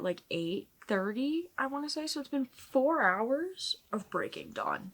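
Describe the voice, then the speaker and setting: A young woman rants at home late at night in a casual reading vlog, exasperated and quick to laugh. Her pitch swings widely as she complains. Now and then she sinks into a hushed whisper. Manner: exasperated ranting with frequent laughs; drops into whispers. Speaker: book vlogger.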